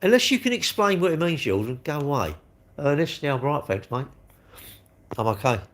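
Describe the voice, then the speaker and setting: A man's voice: a little high, lively intonation, normal speed. A man, chatting casually on a live stream, rambling and blunt as he answers comments. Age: 60s.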